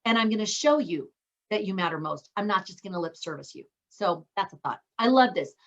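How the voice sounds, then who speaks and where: A woman's voice: medium pitch, lively intonation, fairly quick. Chatty upbeat middle-aged woman, lo-fi. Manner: chatty and upbeat, acts out her own quotes. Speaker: host. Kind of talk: casual faith-based parenting talk. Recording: dull lo-fi sound.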